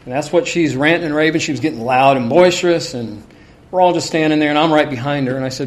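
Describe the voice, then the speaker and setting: Conversational male preacher, fairly high voice. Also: fast talker. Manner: conversational, anecdotal, frequent asides. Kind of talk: sermon with personal stories.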